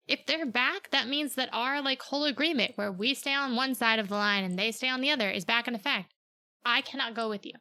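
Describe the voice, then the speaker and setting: Bright-voiced woman recapping a novel. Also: fairly high pitch. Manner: animated, sarcastic retelling, slips into quick character voices. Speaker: podcast co-host. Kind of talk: casual book recap with acted-out quotes.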